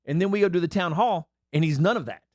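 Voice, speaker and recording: A man's voice: sits high, fast talker, dry recording, clean studio sound. A man hosting a casual political commentary chat, joking and drifting off topic. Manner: animated, jokey digressions. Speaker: host.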